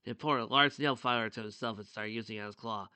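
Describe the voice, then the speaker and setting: A man reading fan fiction aloud who often breaks off into excited side comments. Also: on the low side, fast, clear, resonant tone, no room sound. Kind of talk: reading a story aloud with asides.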